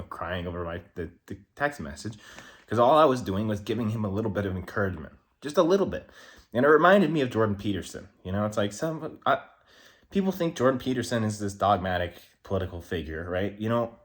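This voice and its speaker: A man with a very low voice talks to the camera in a loose, rambling monologue. He is candid and swears freely as he thinks aloud. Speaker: vlogger. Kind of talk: casual reflective monologue.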